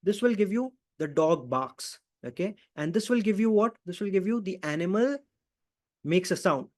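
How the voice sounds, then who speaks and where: This man has a high, somewhat dark voice with lively intonation and a moderate pace. He's a programming instructor running a live online coding class, answering his own questions and ending almost every line with "right?" or "okay?". He repeats key phrases and uses lots of fillers.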